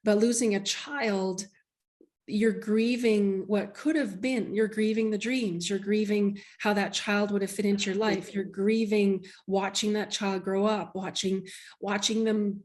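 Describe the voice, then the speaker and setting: A woman's voice: mid-range voice, fairly even intonation, a little slow, a little mellow. A woman guest, a medium, telling an emotional personal story in an interview, heartfelt and earnest with many restarts.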